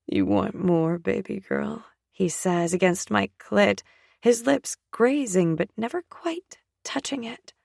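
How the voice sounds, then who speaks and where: A woman narrating a first-person romance audiobook in a soft, breathy, often half-whispered voice. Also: mid-range voice, no room sound, clean studio sound.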